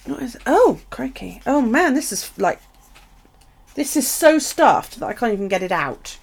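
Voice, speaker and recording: A woman's voice: on the high side, sing-song, unhurried, gravelly, slightly rough. A middle-aged woman with a British accent, chatting casually to viewers while unboxing craft supplies and gushing over them. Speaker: craft live streamer.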